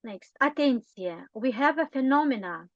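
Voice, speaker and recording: A woman's voice: high-pitched, lively intonation, normal speed, dry recording, lo-fi sound. A woman with a Romanian accent teaching a grammar lesson, explaining patiently and often checking in with short tag questions. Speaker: language teacher.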